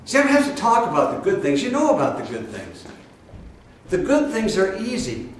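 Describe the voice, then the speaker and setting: A man from Iowa, USA, gives a spiritual talk as a teacher, speaking emphatically and folksily with mocking asides. His voice is high-pitched with huge pitch swings at normal speed. The recording has a little hiss or hum and sounds distant in a very echoey room.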